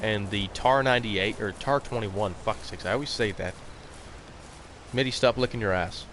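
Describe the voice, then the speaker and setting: A young man rambles bluntly through a live stream of a hunting game, swearing freely as he chats with viewers. His voice sits on the low side, and a faint noise runs under the recording. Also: normal speed. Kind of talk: casual live-stream chat.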